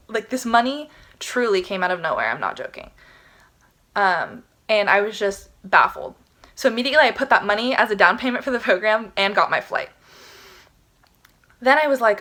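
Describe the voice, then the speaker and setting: A woman's voice: mid-range voice, moderate pace, long pauses. Chatty young woman telling a story. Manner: animated, laughing, many "like"s, dropping to hushed whispers. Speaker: spiritual vlogger. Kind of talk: casual storytelling to camera.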